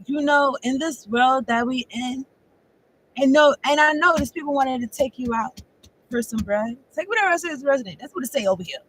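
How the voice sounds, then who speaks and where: A woman's voice: high-pitched, brisk, a bit bright, slight background noise, low-quality recording. A woman giving a casual tarot reading, rambling and profane, laughing often as she talks. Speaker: tarot card reader.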